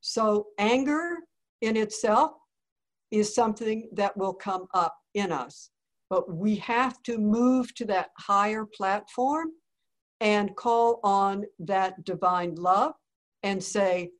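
A woman speaking slowly and with care, pausing between phrases as she tells a story. Her voice sits in a middle pitch, and her delivery is earnest and deliberate, like a spiritual talk.

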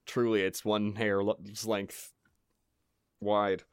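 A man's voice: fairly low pitch, level tone, very slow, clean tone, no echo, clean studio sound. A man co-hosting a comedy podcast, reading an old fairy tale aloud with jokey asides. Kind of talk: comic storytelling podcast.

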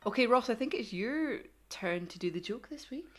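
A woman's voice: a little high, animated, moderate pace, over loud music. A woman co-hosting a casual science podcast, teasing the others and laughing often. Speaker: podcast co-host. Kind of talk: casual chat.

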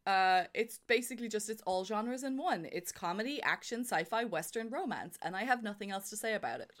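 A woman co-hosting a relaxed movie podcast, chatting loosely and laughing often. She talks in an easygoing, informal way and swears now and then. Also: medium pitch, brisk. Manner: giggly, chatty, swears casually. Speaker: podcast co-host. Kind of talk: casual chat.

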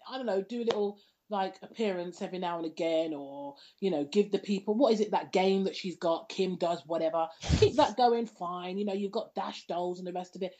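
A woman chatting casually as a podcast co-host, animated, sassy and outspoken. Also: on the low side, brisk, few pauses. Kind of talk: casual chat.

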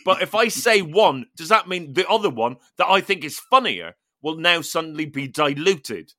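A young man spins an anecdote on a casual podcast. His voice is sharply bright and lively, sitting fairly high and leaping around as he acts out the people in it. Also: moderate pace, dry recording, clean studio sound. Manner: animated, laughing storyteller, acting out quotes. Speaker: podcast host. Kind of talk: casual storytelling chat.

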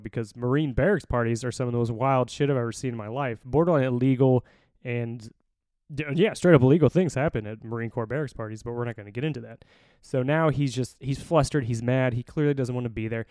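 Male, 30s, casual podcast host, quick profane storyteller, dry close sound. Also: medium pitch, no echo. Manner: profane, animated storytelling with voiced quotes. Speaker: Navy recruiter.

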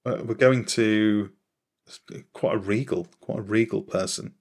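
A man's voice: fairly low pitch, fairly even intonation, a little slow, darkish tone, breathy edge. A man in casual podcast chat, running a quiz with a dry, playful, teasing manner.

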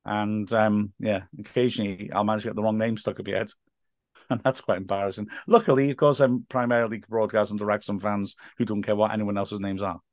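A man who works as a football commentator, telling stories as a podcast guest in lively, laugh-filled casual chat. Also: on the low side, a little fast, no room sound, studio quality. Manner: animated storyteller, laughs often, acts out quotes.

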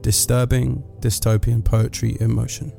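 A man's voice: mid-range voice, level tone, moderate pace, vocal fry, warm tone, faint music behind. A man, delivering a sardonic, rambling comic monologue full of asides.

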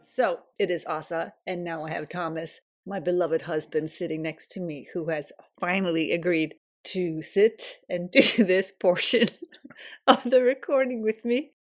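A woman's voice: lowish voice, fairly even intonation, unhurried, few pauses. A woman in her fifties hosting a podcast at home, telling personal stories in a chatty, casual way. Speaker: podcast host.

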